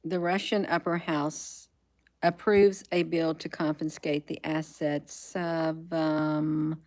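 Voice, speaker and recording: A woman's voice: sits low, little pitch movement, takes it slowly, darkish tone. A woman hosting a casual livestream, reading headlines aloud, musing to herself and trailing off with frequent ums. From United States. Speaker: livestream host.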